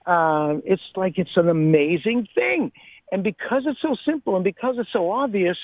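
A man's voice: sits high, animated, moderate pace, dry recording. A man, a breathwork author, explaining eagerly as a radio interview guest, laughing often and repeating phrases for emphasis. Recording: tinny phone line.

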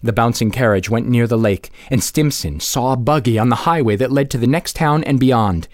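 A man reading a classic short story aloud with expressive, varied delivery. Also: mid-range voice, normal speed, no echo, studio quality.

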